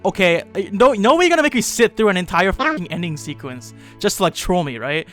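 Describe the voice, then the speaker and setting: A man's voice: high-pitched, very animated, fairly quick, hardly any pauses, fairly bright tone, soft background music. A man narrating a comedic video review, swearing and ranting in exasperation. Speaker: anime and game reviewer.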